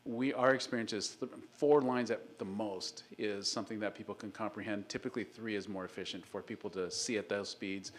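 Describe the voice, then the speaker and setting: Man, city engineer, public meeting answers, low-ish voice, measured with fillers. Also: steady tone.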